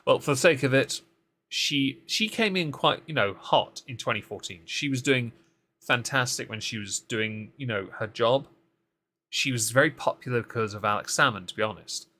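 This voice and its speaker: A man's voice: mid-range voice, normal speed, sharp tone. A man co-hosting a casual live-stream political recap, talking into a desk microphone with sarcastic, mocking asides. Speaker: co-host of a political recap show.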